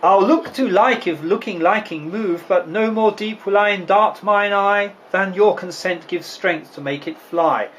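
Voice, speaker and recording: A man voicing a soft-spoken young girl. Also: sits high, a little slow, few pauses, slight background noise, rough recording. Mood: demure.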